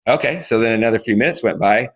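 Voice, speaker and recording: A man in his forties from Alaska, a guest athlete telling his story in a podcast interview, animated, acting out quotes and restarting often. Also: fairly low pitch, brisk, highs cut off. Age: 40s.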